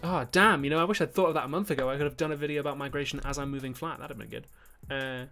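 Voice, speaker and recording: A man's voice: on the high side, racing, pushed and bright. Geordie male host, casual stream chat, loose and rambling with mock-outraged bursts, faint music under. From Newcastle, northern England. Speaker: YouTube host on a livestream. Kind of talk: casual live-stream chat reading super chats.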